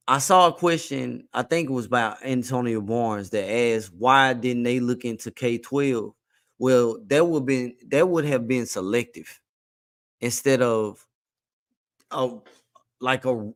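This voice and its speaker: A man in casual commentary, explaining in a measured way. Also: medium pitch.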